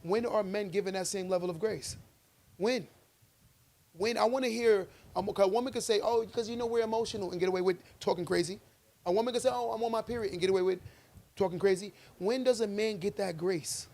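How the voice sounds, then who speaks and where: A man's voice: high-pitched, a little fast, a little mellow. A man co-hosting a podcast, arguing his view with emphatic, preachy conviction and telling stories along the way. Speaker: podcast co-host. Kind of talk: casual debate chat.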